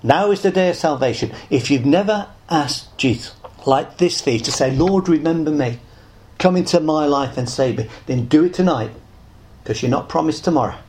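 A man preaches an evangelistic sermon with earnest pleading, his intonation lively and his pace normal. He lifts his voice on important words and drops it soft and low at the ends of phrases.

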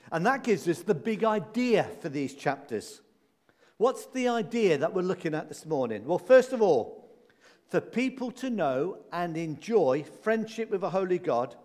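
Male preacher, emphatic and repetitive delivery, slightly high, long hall reverb. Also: darkish tone. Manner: emphatic, repeating key phrases. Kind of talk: sermon.

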